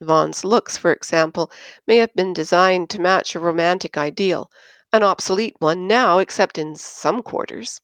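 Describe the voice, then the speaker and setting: A woman reading aloud and voicing Erno, a smooth male pilot who sounds dry and patronizing. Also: on the low side, normal speed, fairly bright tone, dry recording.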